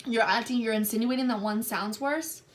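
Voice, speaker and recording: A young woman vlogger telling a story to camera, acting out the people in it with animated delivery. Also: on the high side, normal speed, noisy background. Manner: animated retelling, acts out quotes. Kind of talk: storytime vlog.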